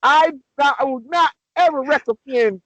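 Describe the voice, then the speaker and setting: A young man on a casual sports podcast, ranting excitably and swearing a lot. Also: extremely high pitch, normal speed, no room sound, rough recording. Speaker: podcast co-host.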